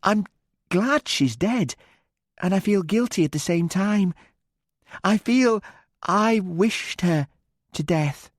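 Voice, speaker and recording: A man voicing a young woman who speaks bluntly, with a shaky, halting, guilty tone. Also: high voice, expressive, no room sound, clean studio sound, voice pushed up, exaggerated voice.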